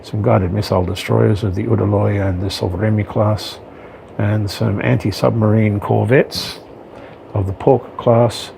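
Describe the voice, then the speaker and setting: A man's voice: on the low side, little pitch movement, a little slow, creaky, warm tone, a little hiss or hum, poor audio. A man giving casual unboxing commentary on his miniatures, hesitant, with frequent ums and self-corrections. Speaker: wargaming hobbyist reviewing miniatures.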